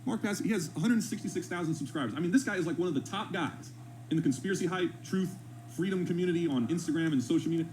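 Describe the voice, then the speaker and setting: A man reacting to video clips in a quick, mocking tone, often cursing. His voice sits high, and a faint noise runs under it. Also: mellow, low-quality recording. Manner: sarcastic, mocking, swearing. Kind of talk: reaction commentary.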